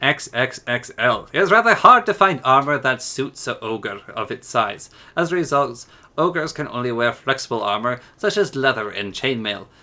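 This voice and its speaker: A man's voice: medium pitch, animated, normal speed, hardly any pauses, sharp tone. Man doing a hammy Scottish-accented ogre narrator. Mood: declaiming. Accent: Scottish, put on. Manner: declaiming, hammy reading.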